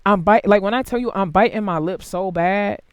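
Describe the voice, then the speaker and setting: A tarot reader giving a casual, blunt and heavily profane reading to camera, swinging between quiet asides and loud outbursts. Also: moderate pace, clean tone, no echo, muffled recording. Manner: big jumps in pitch and loudness.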